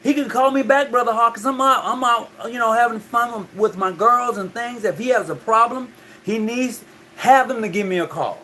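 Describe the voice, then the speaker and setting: A man's voice: very high-pitched, moderate pace, sharp tone, slight background noise, pitched above the performer's own voice. A man putting on the voice of a friendly, proper-spoken woman who is chatting on the phone. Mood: friendly helpful.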